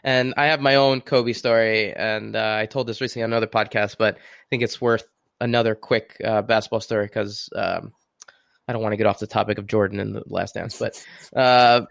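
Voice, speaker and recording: Man, podcast host, animated storytelling, smooth clear voice, dry close sound. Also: fairly low pitch, fairly quick, no echo. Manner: lively, animated storyteller who acts out quotes. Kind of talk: casual storytelling.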